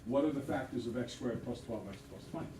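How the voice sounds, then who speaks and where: A man teaching a math lesson to a class, quizzing students with quick questions in an upbeat way. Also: medium pitch. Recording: echoey classroom, distant mic, background noise.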